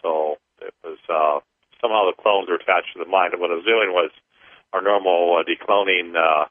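On a paranormal talk show, a male co-host with a low, steady voice speaks haltingly, full of fillers and restarts, before slowly guiding listeners through a counting exercise. The casual talk comes over a dry, tinny phone line.

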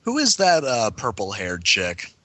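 Low bright-voiced guy cracking wry jokes on a podcast. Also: huge pitch swings, measured pace, no room sound. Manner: wry, joking asides. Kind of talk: casual chat.

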